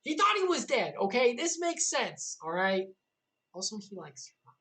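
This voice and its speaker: A woman's voice: on the high side, sing-song, normal speed, fairly bright tone, rough recording. A young woman casually recapping a video game story on a livestream, with sarcastic, joking asides.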